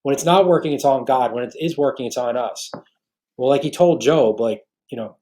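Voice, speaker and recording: A New York podcast guest in his forties tells an earnest, emotional faith story in a warm, mid-range voice, speaking briskly and restarting often.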